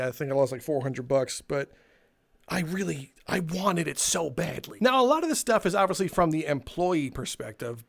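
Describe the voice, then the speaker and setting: A young man telling a casual story for his video channel, animated and swearing, laughing between lines and acting out what people said. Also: on the high side. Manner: animated, swearing, laughs mid-sentence, acts out quotes. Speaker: storytelling YouTuber.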